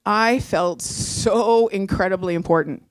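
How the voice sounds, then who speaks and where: A woman's voice: measured pace, no room sound. A middle-aged woman telling a personal story live on stage, acting out the dialogue with big swings in her voice. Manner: animated, acts out dialogue with big pitch swings. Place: theatre stage before a live audience.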